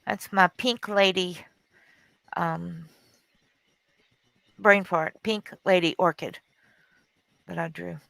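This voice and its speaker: Woman on a call, drawls slow and teasing, lots of laughing, clear crisp voice. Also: lowish voice, fairly even intonation, a bit bright, no room sound. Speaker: digital artist sharing her work. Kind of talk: casual chat on a call.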